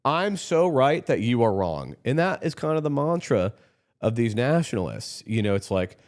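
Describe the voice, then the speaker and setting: A man's voice: medium pitch, sing-song, normal speed, a little mellow. A man hosting a podcast, talking in a rambling, heated political monologue with frequent restarts. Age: adult, runs his own company. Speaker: podcast host.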